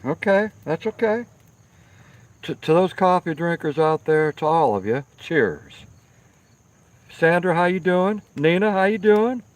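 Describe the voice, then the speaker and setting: A man's voice: on the high side, animated, measured pace, dry recording. A man chatting casually with his live-stream viewers from outdoors by a firepit, emphatic and repeating himself for stress. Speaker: live-stream host reading viewer comments.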